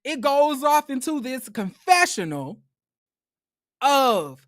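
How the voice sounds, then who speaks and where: A man recapping a reality show in a casual commentary vlog, talking to viewers as y'all in an animated, profane way. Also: extremely high pitch, slow, no room sound, studio quality.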